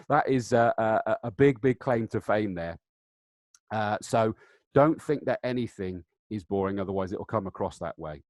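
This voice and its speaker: Animated man presenting a webinar. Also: medium pitch, dry recording. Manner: animated, demonstrative, self-deprecating asides. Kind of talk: live online training webinar. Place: seated at a desk, indoors. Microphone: video call setup.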